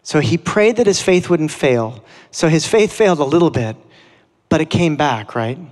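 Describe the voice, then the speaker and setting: A pastor delivers a sermon in an earnest, conversational way, slowing into dramatic readings of scripture. His voice sits a little high for a man. The sound rings with the long reverb of a large hall. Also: lively intonation, a little mellow.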